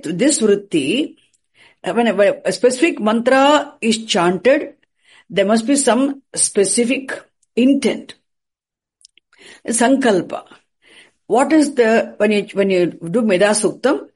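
A teacher lectures a class in a husky, breathy voice at a middle pitch. The delivery is explanatory and repetitive, circling back over phrases and throwing out questions only to answer them. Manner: repeats and restarts phrases while explaining.

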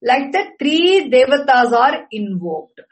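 A woman lecturing on a sacred text, deliberate, repeating and explaining each term. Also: high voice, sing-song, low-quality recording. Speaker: scripture teacher.

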